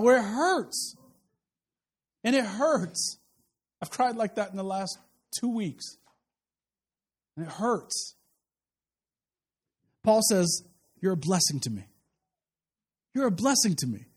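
A young man delivering a sermon from the pulpit, his voice pitched unusually high for a man. He preaches in a casual, animated way, slipping into quick acted-out exchanges to draw the congregation in. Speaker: pastor.

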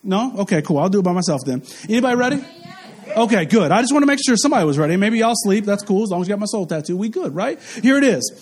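A man's voice: high-pitched, big pitch swings, very fast, a little mellow. A man preaching a sermon with passion, repeating phrases and putting questions to his listeners. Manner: impassioned, repetitive, asks the crowd questions. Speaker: pastor.

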